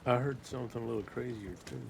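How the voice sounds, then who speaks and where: A man in character during a role-play game, recounting a story with many halting restarts. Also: mid-range voice, creaky, slight background noise.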